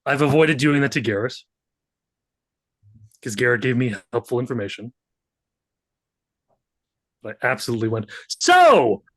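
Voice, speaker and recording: A man's voice: mid-range voice, normal speed, pauses often, dry recording. A man playing a tabletop role-playing game, describing his character's morning in a casual, playful, rambling way. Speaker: player.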